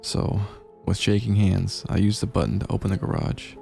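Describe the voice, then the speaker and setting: A man narrating a horror story in a measured, grave storytelling manner. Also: low voice, steady tone, gravelly, dark tone. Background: faint gameplay music.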